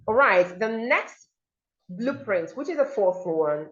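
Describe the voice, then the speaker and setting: A woman with a Nigerian accent teaching diction in an online seminar, slowly modeling example sentences aloud over a video call. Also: medium pitch, expressive, a bit bright. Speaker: diction coach. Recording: dull lo-fi call audio.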